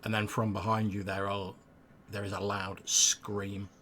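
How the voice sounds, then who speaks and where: A man's voice: lowish voice, level tone, unhurried, bright, forceful tone, slight background noise. A man narrating as game master, describing scenes with frequent stammered restarts.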